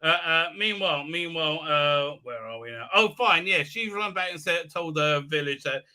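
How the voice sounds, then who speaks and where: A man's voice: a little high, animated, moderate pace, bright, forceful tone, clear, resonant tone. A man hosting a live stream, recapping an episode in a sarcastic, profane way with many hesitant fillers.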